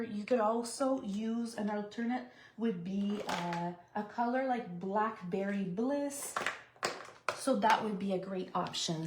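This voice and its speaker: A woman's voice: a little high, echoey room, noisy background. A woman leading a live card-making tutorial, chatting and explaining each step while reading viewer comments.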